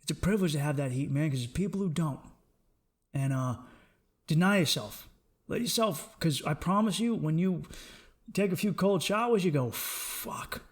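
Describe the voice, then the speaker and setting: A young man talks into a podcast mic in a high voice, cursing freely. He jumps between loud, fired-up pep talk and low, muttered asides. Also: normal speed. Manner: profane, excitable, swings between loud and low. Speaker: podcast host. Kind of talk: solo podcast rant.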